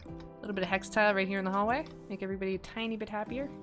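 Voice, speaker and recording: A woman's voice: medium pitch, steady tone, very fast. A woman streaming a colony game live, chatting casually, thinking aloud and repeating herself, over faint music.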